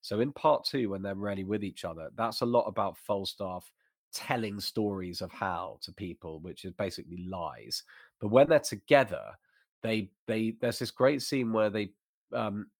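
A man's voice: fairly low pitch, moderate pace, dry recording, studio quality. A man co-hosting a casual discussion, talking eagerly in bursts with frequent restarts. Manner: enthusiastic, talks in bursts with restarts. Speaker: podcast co-host.

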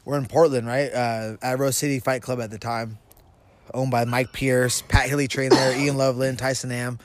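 Young man, mid-pitch, rambling storyteller who swears and laughs a lot; podcast co-host recorded outside. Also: flat delivery, normal speed. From Vancouver, Washington. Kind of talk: casual storytelling. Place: outdoors in the cold.

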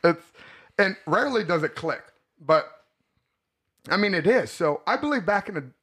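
A man's voice: high voice, animated, moderate pace, fairly bright tone, breathy edge. Crude, joking man on a podcast. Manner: crude, joking, laughs often, rambling. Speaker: podcast host. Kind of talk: casual podcast chat.

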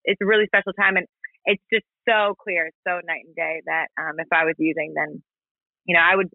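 A man's voice: high voice, dry recording. A man speaking as a guest in a casual audio chat room, rambling earnestly with many fillers, over a tinny phone line.

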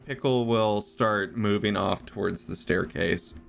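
A man narrating a tabletop game as its game master, describing the scene in a slow, measured way. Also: lowish voice, gravelly, faint music behind.

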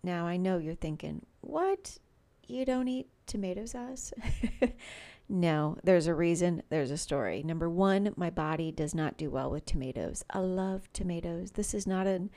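A woman's voice: on the low side, moderate pace, hardly any pauses, mellow. A middle-aged woman hosting a faith-based podcast, talking in a chatty, personal way with frequent fillers. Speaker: podcast host.

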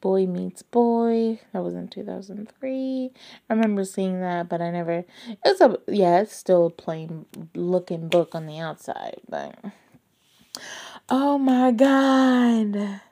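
A woman chatting casually about books, gushing and excitable, with breathless exclamations and hushed asides. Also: lowish voice, unhurried, creaky. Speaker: book vlogger. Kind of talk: casual chat.

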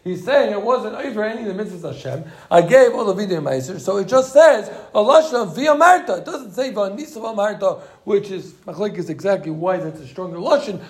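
A man's voice: high-pitched, animated, brisk, hardly any pauses. A man teaching a casual Talmud class, mixing English with Hebrew and Yiddish terms and repeating himself as he works through the text.

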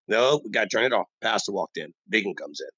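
A bossy old barber voiced by a man holds court in his shop, rambling and bragging in street talk. His pitch swings lively up and down. The recording is dry and dull, with a lo-fi edge. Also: quick pace, breathy edge, dry recording, exaggerated voice. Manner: boastful, rambling, street-talking. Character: bossy old-school veteran male barber, shop owner. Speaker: barbershop owner. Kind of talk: comic character monologue.

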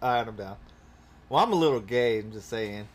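A man's voice: lowish voice, lively intonation, fairly quick. A man co-hosting a podcast, chiming in with short, laughing interjections in casual chat. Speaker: podcast co-host.

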